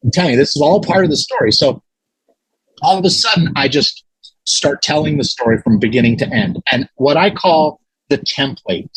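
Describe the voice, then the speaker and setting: Excitable man with a husky voice. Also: fairly high pitch, normal speed, dry recording, low-quality recording. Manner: animated, excitable, swears, many restarts. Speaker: guest. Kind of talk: storytelling in a casual interview.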